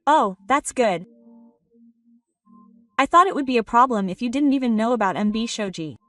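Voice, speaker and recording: A woman's voice: fairly high pitch, lively intonation, normal speed, a bit bright, no echo, distant mic, faint music behind. A woman voicing an arrogant older man who runs a company and talks down to others. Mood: patronizing. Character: arrogant older father-in-law, company boss.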